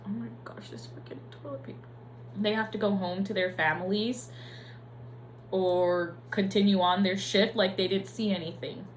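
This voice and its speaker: A woman's voice: medium pitch, a little hiss or hum, low-quality recording. A young adult woman, a nurse, speaking in a candid, profane and emotional personal vlog.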